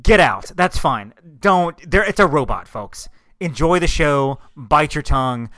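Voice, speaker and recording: A man co-hosting a podcast in casual chat, talking in an animated, opinionated way. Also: on the high side, measured pace, no room sound. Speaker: podcast co-host.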